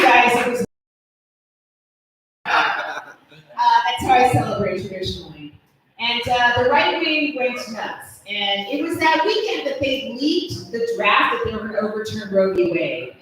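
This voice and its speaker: A woman in her fifties doing a stand-up comedy set, brash and profane with deadpan punchlines. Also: on the high side. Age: 50s. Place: comedy club stage. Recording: echoey room from far off with noise.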